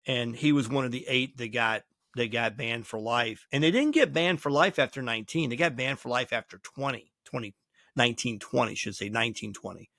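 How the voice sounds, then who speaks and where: A man's voice: medium pitch, fairly bright tone, no room sound. A man co-hosts a casual podcast with a mid-range voice, and he acts out quoted dialogue as he tells his stories. The sound is dry and close, with almost no room behind it. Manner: storytelling, acting out quoted dialogue. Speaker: podcast co-host.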